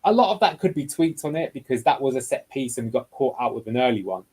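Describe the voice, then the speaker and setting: A husky-voiced man talks through match footage as a guest analyst. He explains each passage of play step by step, in a mid-range voice, for a tactical video breakdown. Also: medium pitch, expressive, fast talker, a little mellow, rough recording.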